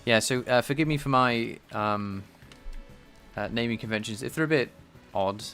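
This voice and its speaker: A man's voice: mid-range voice, normal speed, fairly bright tone, soft background music. A man live-streaming his programming work, thinking aloud in a casual, rambling way and chatting with viewers. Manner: rambling and self-deprecating, chatting with viewers between tasks.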